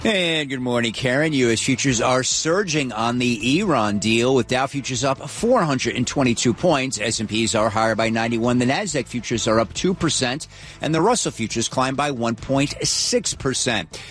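A man reading market news from a breaking news desk, rapid and matter-of-fact. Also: mid-range voice, expressive, fairly bright tone. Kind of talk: scripted market news read.

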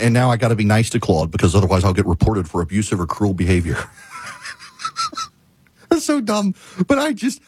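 Husky-voiced man ranting about drivers. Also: mid-range voice, no room sound. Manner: exasperated, emphatic, repeats points for effect. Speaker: talk show host. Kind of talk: casual monologue, ranting storytelling.

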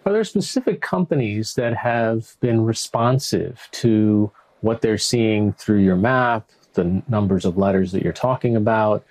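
Measured male news interviewer. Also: on the low side, expressive, a little mellow. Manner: measured, careful questions.

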